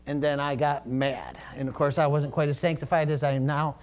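Talking a little fast in a high-leaning, darkish-toned voice, a middle-aged pastor delivers his sermon like a story told in conversation. Now and then he turns to address the congregation directly.

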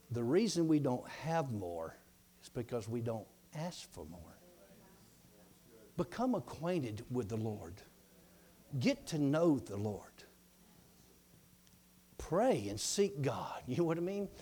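Preaching in a slightly mellow voice, this man tells his story in a rambling, homespun way, lowering his voice to quote other people.

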